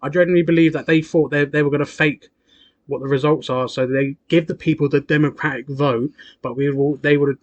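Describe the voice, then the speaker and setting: A man's voice: fairly high pitch, fairly even intonation, brisk, no echo, lo-fi sound. A young man, rambling and arguing in casual podcast chat, swearing and dropping as he goes. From United Kingdom. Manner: rambling, swearing, slangy, argumentative. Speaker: podcast co-host.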